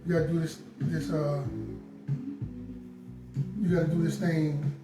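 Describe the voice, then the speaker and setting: A man's voice: on the high side, little pitch movement, measured pace, recorded from a distance. A man co-hosting a live relationship talk stream, giving earnest advice and repeating his points. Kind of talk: casual live-stream chat. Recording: roomy sound with guitar music behind.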